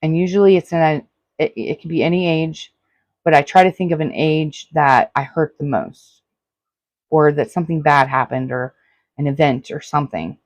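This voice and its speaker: A woman's voice: deep voice, fairly even intonation, normal speed, dry recording. Earnest woman in her forties giving advice. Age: 40s. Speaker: podcast host. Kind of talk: solo self-help podcast talk.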